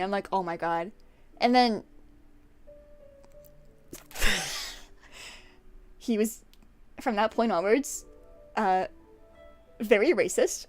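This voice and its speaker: A young woman streamer casually telling work stories to her chat while drawing, animated, laughing often and acting out what people said. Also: mid-range voice, takes it slowly, pauses often, smooth, faint music behind.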